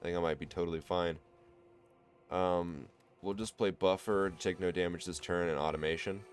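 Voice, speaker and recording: A man with a Midwestern accent, casually commenting on his own card game run and thinking out loud to viewers. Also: sits low, fairly even intonation, normal speed, soft background music. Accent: American Midwest. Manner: thinks aloud, explains card choices to viewers. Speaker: gameplay commentator. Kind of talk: relaxed let's-play commentary.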